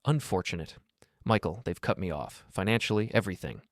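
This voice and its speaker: A man's voice: low-pitched, animated, fairly quick, dry recording, studio quality. A man voicing a distraught young wife in a story reading, pleading and defensive.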